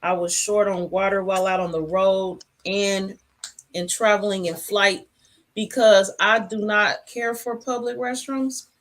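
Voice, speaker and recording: A woman hosting a casual livestream from her home, talking in a relaxed, rambling, reflective way. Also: medium pitch, a little slow. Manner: talks with food in her mouth. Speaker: channel host.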